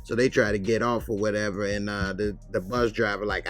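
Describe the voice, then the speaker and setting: A TV show reviewer with a low-leaning, steady, fairly bright voice casually recaps an episode. He retells scenes loosely and conversationally, tossing in quick acted quotes.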